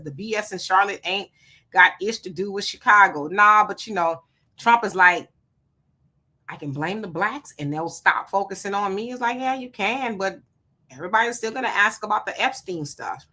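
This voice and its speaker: A woman co-hosting a live stream reads viewer comments aloud and greets people by name in a blunt, casual way, talking back to commenters. Her mid-range voice is pushed and bright.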